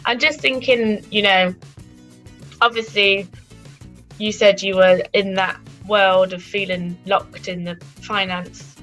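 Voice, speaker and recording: A woman interviewing a guest in a relaxed conversation. She speaks softly, encourages the guest, and murmurs agreement often. Her pitch sits in the middle, and faint music plays behind her. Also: takes it slowly, poor audio. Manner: soft, encouraging listener, frequent murmured agreement. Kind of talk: casual interview chat.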